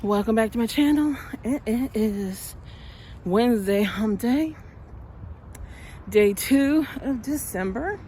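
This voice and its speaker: A woman's voice: a little high, animated, slow pace, pauses often, dark tone, a little hiss or hum. A woman chatting and telling a story while out walking, a little out of breath, growing heated as she talks. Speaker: vlogger. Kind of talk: casual walking vlog. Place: outdoors, walking.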